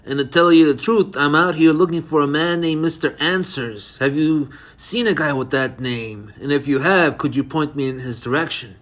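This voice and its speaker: A man's voice: on the high side, normal speed, few pauses, a bit bright, close to an everyday voice. A profane street brawler, read by a man with a slightly raised voice in an audiobook. He talks with biting sarcasm and plain, everyday delivery. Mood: baffled. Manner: cursing, sarcastic.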